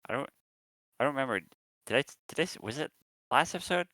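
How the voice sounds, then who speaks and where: A man's voice: medium pitch, expressive, fast talker, bright, forceful tone, no echo, rough recording. A man co-hosting a podcast, chatting casually and rambling with lots of ums and restarts. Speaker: podcast co-host. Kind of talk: casual chat.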